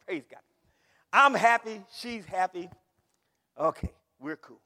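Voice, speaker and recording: A pastor with a high, bright voice delivers a slow, expressive sermon with frequent pauses, moving between quiet storytelling and shouts of praise. His pitch swoops widely, ringing through the church sanctuary with a long echo.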